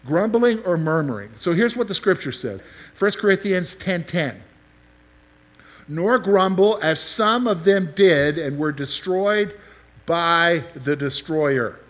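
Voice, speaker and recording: A man's voice: high voice, lively intonation, a little slow. A man preaching a sermon, explaining scripture and asking the listeners questions as he teaches. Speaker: pastor.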